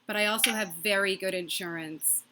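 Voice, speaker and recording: A woman doing a stand-up comedy set from her own microphone on a video call, delivering quick, punchy jokes and laughing at her own lines. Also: medium pitch, bright, forceful tone. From Massachusetts.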